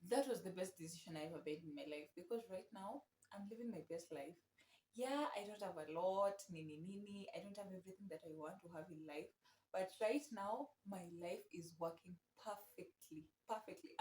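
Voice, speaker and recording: A woman's voice: fairly low pitch, a little hiss or hum. A young Kenyan woman vlogging in a chatty, casual way, giving advice and mixing in Swahili slang. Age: young adult. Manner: chatty, mixes in Swahili slang, animated retellings. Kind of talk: casual talk to camera. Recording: echoey room.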